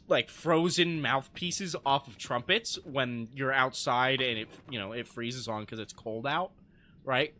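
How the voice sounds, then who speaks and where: A man's voice: medium pitch, a little slow, pushed and bright, slight background noise. A young adult man streaming live, telling casual stories to his chat, swearing freely and laughing often.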